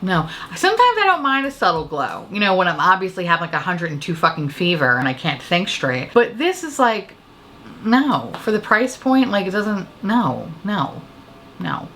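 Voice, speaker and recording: A woman's voice: on the low side, big pitch swings, normal speed, a bit bright, a little hiss or hum. A woman with a New York accent reviewing beauty products in a casual, profane and sarcastic way. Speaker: beauty vlogger.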